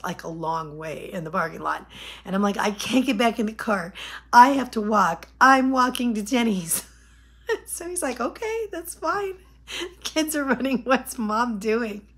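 A woman in her late fifties tells a personal story to her camera in an easy, chatty way. She keeps laughing through it and puts on little voices for what she and others said. Her pitch sits in the middle for a woman. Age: 50s. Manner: animated, laughing often, acting out quotes. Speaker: vlogger. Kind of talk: casual storytelling.

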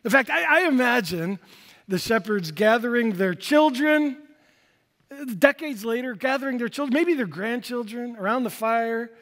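A man preaching a sermon as a pastor, shifting between loud declarations and hushed, quiet passages. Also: extremely high pitch, expressive, normal speed. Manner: dynamic, swinging from loud to hushed. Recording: long church reverb.

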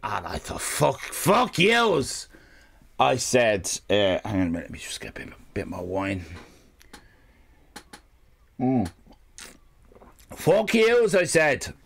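A man's voice: low voice, animated, a little slow, gravelly, long pauses. A man streaming live, telling a rambling, profane comic story and interrupting himself often.

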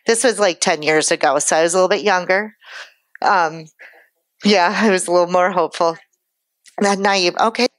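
A woman's voice: lowish voice, moderate pace, long pauses, no echo. A woman insurance broker giving a conference presentation, chatty and joking, laughing at her own asides. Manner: chatty, joking asides, self-deprecating humor.

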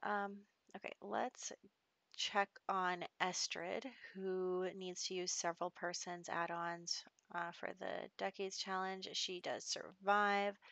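A woman's voice: lowish voice, creaky, a bit bright, dry recording. A young adult woman casually narrating her life-simulation gameplay in a chatty, rambling way with frequent laughs. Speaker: let's play host. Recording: dull, dry home mic.

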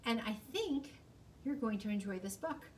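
A woman librarian reading a picture book aloud to children in an expressive, sing-song storytelling voice. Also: on the high side, moderate pace, far from the mic, a little hiss or hum. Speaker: school librarian.

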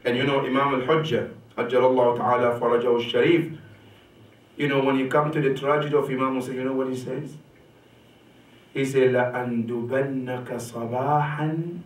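Emphatic preacher man in an echoey hall. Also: a bit bright. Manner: emphatic, rising sharply on key points and dropping low on quotations; repeats rhetorical "right?" to the congregation. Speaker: sheikh giving a religious lecture. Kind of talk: sermon. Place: mosque or community center hall. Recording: echoey hall, mic from a distance.

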